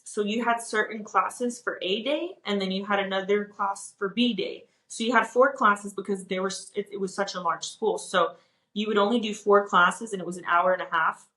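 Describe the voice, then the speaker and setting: A woman from Texas tells a personal story on a podcast in a chatty, animated way. She talks at a middling pitch and leans on "like" as she goes. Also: roomy sound, poor audio. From Dallas, Texas. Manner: animated, chatty, heavy use of "like". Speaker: podcast co-host. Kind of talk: casual chat, personal storytelling.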